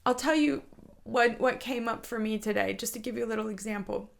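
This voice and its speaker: A woman's voice: fairly high pitch, fairly quick, gravelly. A woman, a mother, giving an intuitive spiritual guidance talk, confiding and emotional, often repeating herself and at times teary. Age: adult, a mother.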